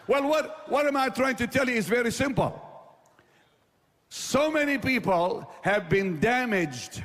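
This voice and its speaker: A man preaching with a high voice that rises and swells as he drives his point home. He tells his story in an emphatic, dramatic way and leans on repetition. His words ring out with a long reverb, as in a large hall. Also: lively intonation, measured pace, fairly bright tone. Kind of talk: sermon storytelling.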